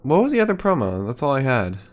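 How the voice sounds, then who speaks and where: A man co-hosting a podcast, recapping matches in relaxed, low-key casual chat with frequent fillers. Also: fast. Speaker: podcast co-host.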